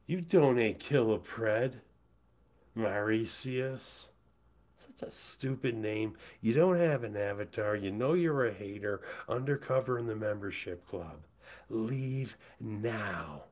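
A man streaming live who rambles, says he's high and mumbles, often trailing off into whispers. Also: slow, a little mellow. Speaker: livestreamer. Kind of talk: casual livestream chat. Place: indoors, hot room.

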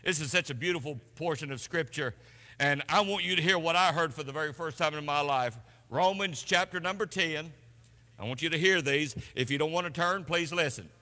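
Emphatic pastor preaching in a reverberant church. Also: male voice, fairly high pitch, a little fast. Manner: emphatic, swings between loud and hushed. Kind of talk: sermon. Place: church sanctuary.

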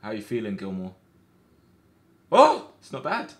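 A man streaming a football management game, reacting out loud with groans and cheers as he commentates. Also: medium pitch, measured pace. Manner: excitable, shouts at players, swings between groans and cheers. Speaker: gaming streamer.

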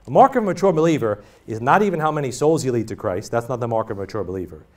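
A man's voice: medium pitch, lively intonation, very fast, a little mellow. A male pastor preaching a sermon in a church, emphatic and repetitive as he drives his points home. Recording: voice from far off the mic.

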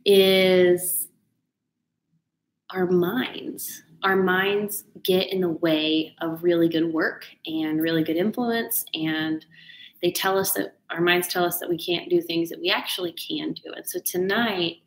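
A woman's voice: lowish voice, steady tone, slow pace, reverberant, poor audio. A woman hosting a live video talk, chatty and teasing, who laughs often. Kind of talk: casual motivational talk.

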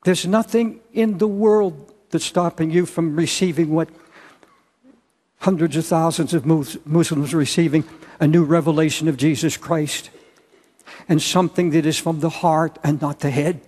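An older man preaching a sermon as pastor, earnest and halting, with repeated restarts and bursts of loud emphasis. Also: fairly high pitch, fairly even intonation. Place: large church auditorium. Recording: long hall reverb.

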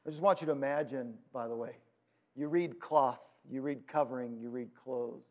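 A man preaching a sermon, retelling scripture with dramatic swings between loud urgency and hushed quiet. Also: medium pitch, moderate pace. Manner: storytelling, paraphrasing scripture. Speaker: pastor.

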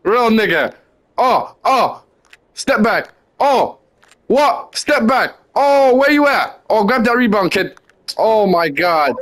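A man's voice: high voice, sing-song, slow pace, fairly bright tone. A young man on voice chat while playing a basketball video game, coaching his teammates and teasing them, repeating short commands over and over.

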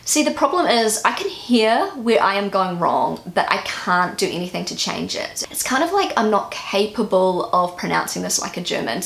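Female vlogger with a New Zealand accent, casual and self-critical, with some vocal fry and an echoey room. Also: medium pitch. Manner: self-critical, repeats words aloud after the app. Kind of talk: casual language-learning vlog.

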